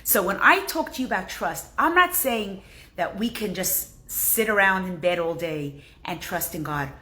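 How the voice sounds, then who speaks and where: Woman teacher, soothing and deliberate, bright clear voice, very unhurried. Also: mid-range voice. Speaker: Torah class teacher. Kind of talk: guided meditation and religious lesson.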